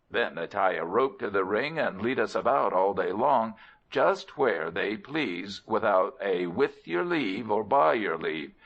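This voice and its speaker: A man voicing a grumpy old male camel who sneers and grumbles in a scornful storybook voice. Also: lowish voice. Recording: dull lo-fi recording.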